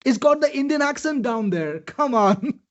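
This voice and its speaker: A man hosting a live webinar, demoing software and answering viewers by name in an upbeat, salesy way. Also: very high voice, expressive, moderate pace, muffled recording. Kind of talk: live product demo answering viewer questions.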